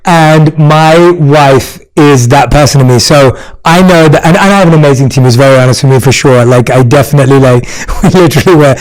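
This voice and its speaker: A man hosting a casual podcast interview in a fairly high voice. He talks in a self-deprecating way, laughing as he goes and often restarting his sentences. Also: a little fast, low-quality recording. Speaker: podcast host.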